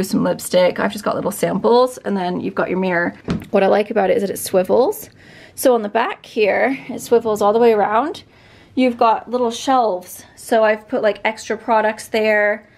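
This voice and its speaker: A woman vlogger talks her way around her bedroom filming room in a loose, upbeat, chatty way. Her mid-pitched voice carries a noticeable gravelly fry, and she leans on plenty of likes and ums as she goes. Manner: chatty, filler-heavy, upbeat. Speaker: beauty vlogger. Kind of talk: casual room tour.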